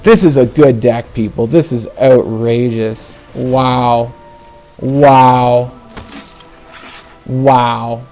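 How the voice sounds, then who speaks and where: A man commentating his own card game, ranting in exasperation and swearing, swinging between low muttering and sudden shouts. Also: steady tone, slow pace, few pauses, faint music behind. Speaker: gaming video host. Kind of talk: live gameplay commentary.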